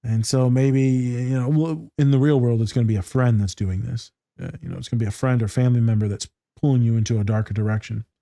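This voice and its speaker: A man talks on a casual podcast in a mellow, relaxed voice, blunt and profane. He laughs often. The sound is dry and close to the mic. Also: mid-range voice, fast talker, hardly any pauses, no echo. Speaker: podcast co-host and counselor.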